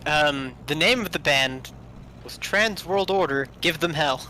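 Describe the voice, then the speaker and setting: A man's voice: fairly high pitch, a little slow, bright, forceful tone, a little hiss or hum, poor audio. A man chatting playfully while playing a video game with a friend. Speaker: podcast host. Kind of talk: casual chat while gaming.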